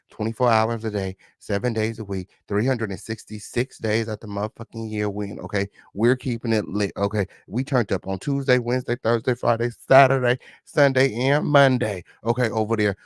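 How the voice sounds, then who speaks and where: Gravelly, sassy livestream host man. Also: fairly low pitch, normal speed, dry recording, studio quality. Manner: flamboyant, sing-song shout-outs to viewers; profane, sassy. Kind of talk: casual livestream chat.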